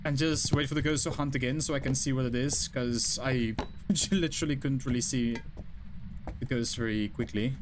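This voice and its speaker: Playing a horror game on stream, this young man keeps a steady, mid-range voice against a noisy background. He's chatty, talking to chat, explaining his moves, and dropping quick asides and laughs along the way.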